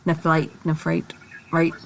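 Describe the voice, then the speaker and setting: A woman co-hosting a casual fan podcast, talking in an unhurried, questioning way with frequent restarts. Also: low voice, creaky, a little hiss or hum. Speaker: podcast co-host.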